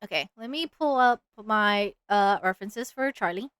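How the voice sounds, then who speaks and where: A woman's voice: mid-range voice, moderate pace, few pauses, a bit bright, clean tone, no echo. A woman streamer chatting casually while drawing, rambling and playful, with lots of fillers and the odd sing-song bit. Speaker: VTuber streamer.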